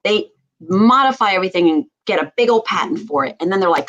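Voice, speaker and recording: A woman who is a doctor and hosts a health talk show, talking with animated passion and laughing often. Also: mid-range voice, fast talker, muffled recording. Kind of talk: casual talk show chat.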